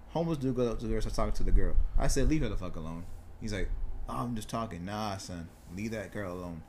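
A young man talks fast and animated, telling a street story in casual podcast chat. He acts out the voices of the people in it and swears freely. A faint hiss runs under his voice. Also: fairly low pitch.

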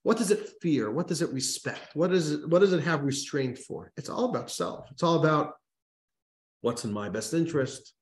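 A man's voice: fairly high pitch, expressive, moderate pace. A man, a rabbi, teaching a religious text class, telling a story and stressing points with emphatic repeated restarts. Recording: roomy echo.

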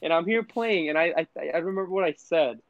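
A man's voice: on the high side, fairly quick, no echo. A man, co-hosting a podcast in casual chat and telling stories with lots of swearing. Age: 20s. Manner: animated storytelling, mimics gamers with profanity. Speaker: podcast co-host. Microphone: podcast microphone. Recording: dull lo-fi sound.

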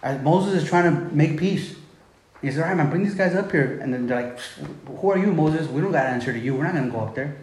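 Echoey preacher retelling scripture in slang. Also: male voice, fairly high pitch, fast, darkish tone, slight background noise. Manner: reads scripture, then retells it in casual slang. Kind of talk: sermon.

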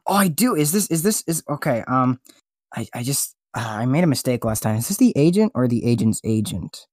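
A man's voice: mid-range voice, big pitch swings, brisk, no room sound, studio quality. A man hosting a comedy podcast, flustered and stammering through repeated restarts. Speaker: podcast host making prank-style calls. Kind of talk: comedic improvised podcast bit.

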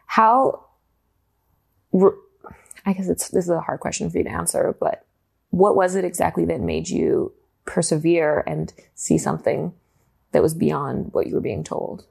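A woman's voice: lowish voice, normal speed, creaky, pauses often, darkish tone, slightly rough. A woman interviewer asking questions and affirming her guest in an engaged, encouraging way. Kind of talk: interview conversation.

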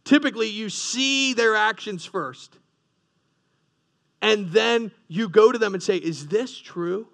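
High-voiced man preaching earnestly. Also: creaky, a bit bright. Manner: earnest preaching with rising emphasis and repeated restarts. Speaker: pastor. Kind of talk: sermon.

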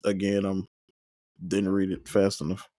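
A man's voice: deep voice, little pitch movement, a little slow, dark tone, dry recording, clean studio sound. Casual man recapping a show. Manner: paraphrases scenes, quotes characters with brief joking asides. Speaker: watch-along podcast host. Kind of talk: casual recap, reading dialogue aloud.

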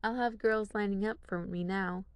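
A woman's voice: medium pitch, fairly even intonation, normal speed, clean tone, dry recording, natural voice. Woman voicing a cheerful, joking young man. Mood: gleeful. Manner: boisterous, gloating.

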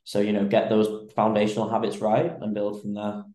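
A young adult man, a fitness coach, chatting casually on a podcast in a relaxed, rambling way with many fillers. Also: fairly low pitch, moderate pace. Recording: roomy echo.

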